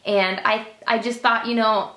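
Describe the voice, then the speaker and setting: Sincere emotional woman vlogging, kinda high voice, roomy echo. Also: steady tone, unhurried, pushed and bright. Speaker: beauty vlogger. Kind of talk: heartfelt personal talk to camera. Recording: echoey room.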